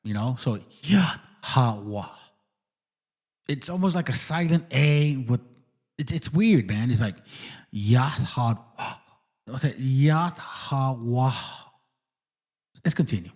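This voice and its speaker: Casual man, mid-pitched. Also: expressive, a little mellow, husky. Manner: loose, cursing, repeats words slowly to demonstrate. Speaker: co-host explaining a pronunciation. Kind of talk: casual livestream chat.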